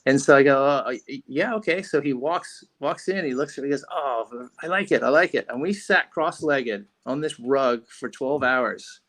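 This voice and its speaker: A man's voice: medium pitch, moderate pace, hardly any pauses, fairly bright tone. A man being interviewed on a podcast, telling a rambling story with lots of restarts and fillers. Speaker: podcast guest, fishing rod company founder.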